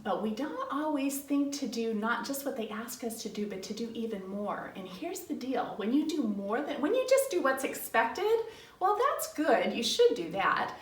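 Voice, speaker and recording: A middle-aged woman gives a bright, sing-song lesson to young children, acting out little family scenes as she goes. Her voice sits high, and the recording sounds roomy and a bit off the mic. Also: moderate pace. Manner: animated, sing-song, acts out family dialogue. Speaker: children's ministry teacher. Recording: roomy, from some distance off the mic.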